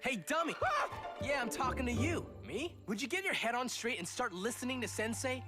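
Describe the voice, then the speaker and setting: An actor voicing a brash young male cartoon ninja hero in animated series dialogue, cocky and taunting. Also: very high voice, a little fast. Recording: show clip under loud music.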